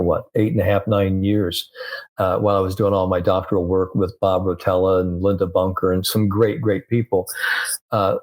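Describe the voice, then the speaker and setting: An older man, a sports psychologist, telling stories in a relaxed interview, full of "you know" fillers. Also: lowish voice. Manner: animated storyteller, many "you know" fillers, laughs often. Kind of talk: conversational interview storytelling.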